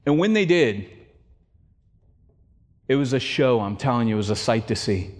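A middle-aged man preaching a sermon, telling stories with acted-out voices and swinging from loud to hushed. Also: medium pitch, expressive, moderate pace. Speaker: pastor.

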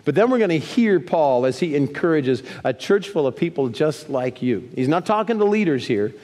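A man preaching a sermon in a church, lively, leading the congregation in reading scripture aloud. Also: a little high, normal speed. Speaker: pastor. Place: church sanctuary. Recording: long reverb of a church hall.

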